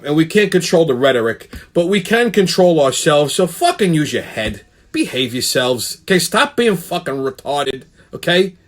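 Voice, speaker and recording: Profane ranting male host. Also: high-pitched. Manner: profane, blunt, heated storytelling. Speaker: show host. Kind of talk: ranting monologue.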